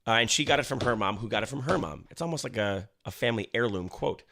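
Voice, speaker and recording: Male podcast co-host, casual chat, bright and lively delivery, swears often. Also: mid-range voice, fast talker, a little hiss or hum. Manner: animated storyteller, swears freely.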